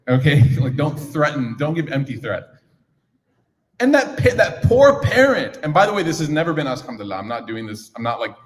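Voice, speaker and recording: A man teaching a young audience in a casual, joking way, acting out little scenes as he talks, recorded in a large echoing hall. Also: medium pitch. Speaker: religious teacher. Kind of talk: lively talk to a young audience. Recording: echoey hall reverb.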